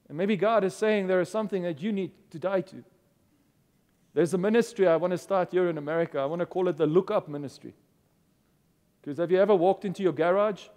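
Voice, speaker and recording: High-voiced pastor preaching in a reverberant hall. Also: male voice, a little mellow. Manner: earnest preaching with repeated restarts. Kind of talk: sermon. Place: church.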